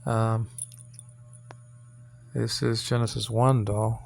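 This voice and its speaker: Gravelly man teaching, halting and repetitive. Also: medium pitch, steady tone, darkish tone, a little hiss or hum. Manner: halting, repeats words, many fillers; coaxing checks like "okay?" and "you understand?". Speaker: channel host teaching Hebrew. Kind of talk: informal Bible Hebrew lesson.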